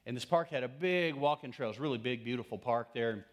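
Speaking fast in a mid-range voice, a middle-aged Texan man preaches as pastor. His sermon stories swing dramatically from loud passages to hushed asides.

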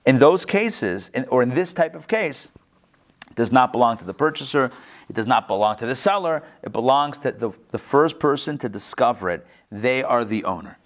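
A man teaching an online Talmud lesson, animated, repeating phrases and asking rhetorical questions, acting out the quotes in the stories he tells. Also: normal speed. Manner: acts out story quotes in varied pitch. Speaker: rabbi teaching a class.

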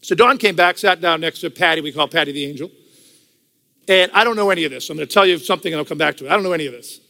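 A man's voice: fairly high pitch, racing, vocal fry, bright, forceful tone. An older man giving a church testimony in a conversational storytelling way, repeating phrases for emphasis. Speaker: testimony speaker. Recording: hall with long reverb.

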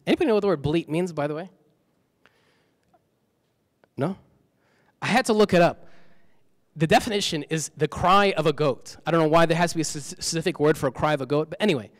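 A man's voice: on the high side, fast, no echo, in a large hall. A man preaching a sermon in a conversational way, repeating key phrases for emphasis.

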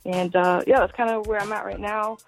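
Woman from Boston, singer guest, friendly, lots of ums, mid pitch, faint music behind. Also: fairly even intonation, brisk, creaky. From Boston, Massachusetts. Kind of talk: radio interview answers.

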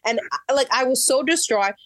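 A woman telling a story in casual chat, animated and acting out what people said, getting exasperated as she goes. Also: high-pitched, a little fast, no echo, clean studio sound. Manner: animated, acts out quotes, rising exasperation. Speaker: guest.

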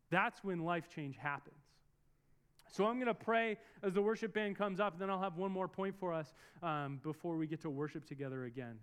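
A man's voice: high voice, a bit bright, clear, resonant tone. Earnest young male pastor preaching. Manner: earnest, storytelling, building to emphatic peaks. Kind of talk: sermon. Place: church service in a room.

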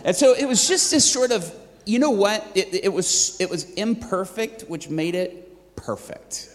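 A man's voice: high voice, lively intonation, a little slow. A male preacher telling a story in a sermon, in a loose, conversational way with many fillers and restarts. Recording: long reverb of a large hall.

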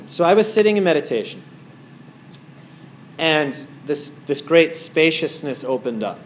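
A man's voice: fairly high pitch, sing-song, unhurried, slight background noise. Rambling casual male meditation teacher. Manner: rambling storyteller with many fillers. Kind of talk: casual talk to a small group. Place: wellness center room.

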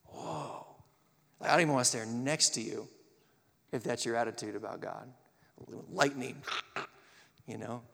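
A man preaching a sermon to young people, animated, acting out the voices he quotes. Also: medium pitch, normal speed, vocal fry, pauses often. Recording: long hall reverb.

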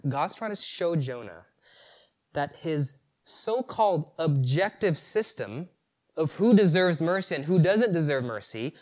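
A man preaching a sermon, animated, asking rhetorical questions and chuckling at the story. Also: fairly high pitch.

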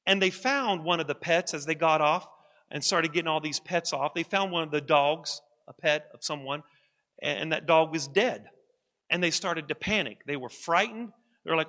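A man preaching from the pulpit with a high, ringing, bright voice. He hammers his points home and repeats them for weight. His voice carries a long church-hall reverb. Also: normal speed. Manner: emphatic, repeats key lines for effect. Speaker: pastor. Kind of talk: sermon.

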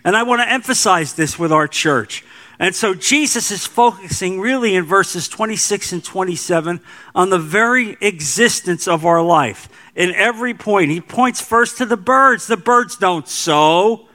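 A middle-aged man preaching a sermon as pastor, with emphatic repeated phrases and slow stressed lines. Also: high voice, expressive, pushed and bright.

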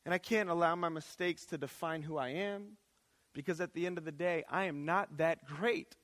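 A man preaching a college chapel sermon in a conversational style, swinging between shouted and hushed lines. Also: a little high, moderate pace. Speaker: chapel speaker. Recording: reverberant chapel.

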